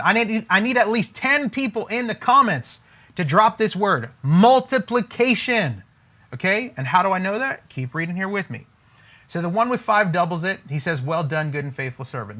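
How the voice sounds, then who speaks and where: A man with a high, bright, forceful voice teaches about scripture and money in an emphatic preaching style. He repeats himself for emphasis and acts out imagined believers.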